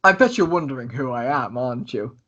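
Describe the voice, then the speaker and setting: A man's voice: mid-range voice, lively intonation, fairly quick, dull audio, voice pushed down. A man putting on a showy flirtatious tiefling thief. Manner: loud, showy, teasing, giggly.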